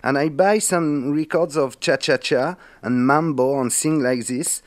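A man in his forties with a French accent, speaking halting English full of fillers as a guest in a radio interview. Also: on the high side, no echo. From France. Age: 40s. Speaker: guest musician. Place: remote studio.

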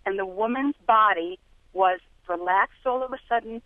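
A woman's voice: medium pitch, normal speed, no echo. A woman calling in to a radio show, telling a story about herself in a candid, self-deprecating way. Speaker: caller. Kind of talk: phone-in storytelling. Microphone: telephone. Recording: tinny phone line.

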